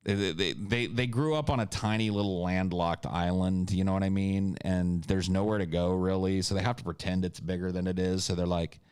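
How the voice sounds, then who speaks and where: A man's voice: low-pitched, steady tone, brisk, hardly any pauses, a little mellow, smooth, no echo, clean studio sound. A man hosting a podcast, talking in a crude, joking, ranting way. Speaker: podcast host. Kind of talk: casual comedic podcast chat.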